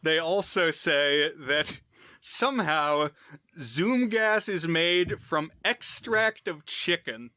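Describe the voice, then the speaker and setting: Bright, crisp-voiced man rambling on a podcast. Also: a little high, takes it slowly, no room sound, clean studio sound. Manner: rambling, filler-heavy explaining. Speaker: podcast co-host. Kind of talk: casual film podcast chat.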